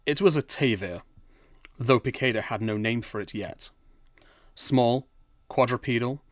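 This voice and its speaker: A man's voice: on the low side, no echo. A man reading a fantasy story aloud in a dry, wry storytelling manner. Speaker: narrator. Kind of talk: scripted storybook narration.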